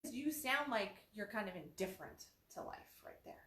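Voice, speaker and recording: Animated woman in an echoey room. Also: medium pitch, moderate pace. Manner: animated, acts out quoted phrases in changed voices. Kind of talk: casual conversational talk on self-development.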